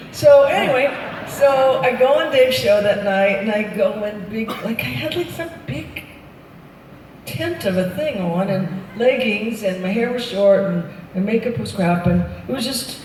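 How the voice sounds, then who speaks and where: An older woman in her 70s, a singer and actress, tells stories from the stage to a live crowd in a large arena. She is chatty and laughing, acting out other people's lines in an expressive, slightly mellow voice at a moderate pace. The distant audience recording booms with heavy reverb and carries a little hiss or hum.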